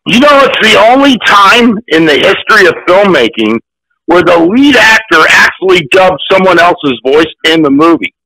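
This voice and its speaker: A man in his sixties, an actor guest, telling profane, animated stories in casual chat. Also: high voice, normal speed, gravelly, poor audio. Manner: profane, animated, acts out quotes. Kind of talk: casual storytelling.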